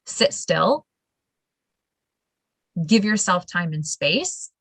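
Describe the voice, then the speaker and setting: A woman's voice: on the low side, extremely slow, no echo, poor audio. Emphatic woman host, dry close sound. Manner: animated, emphatic storytelling with laughs. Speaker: show host. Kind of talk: casual interview conversation.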